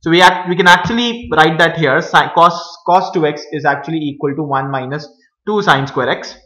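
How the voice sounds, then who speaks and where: A man teaching a math lesson, talking viewers through each step with many pauses and fillers. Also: fairly high pitch, bright, forceful tone, echoey room, low-quality recording. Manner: hesitant, many fillers, addresses viewers as guys.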